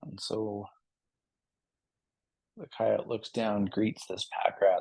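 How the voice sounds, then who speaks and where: A man leading a yoga class, guiding gently and telling a story between poses. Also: fairly low pitch, level tone, slow, creaky, long pauses, breathy edge. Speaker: yoga teacher.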